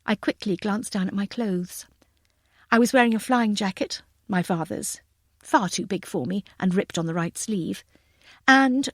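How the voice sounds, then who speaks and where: Woman, first-person novel narration, wry, lively storytelling, dry close recording. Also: medium pitch, no echo. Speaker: audiobook narrator.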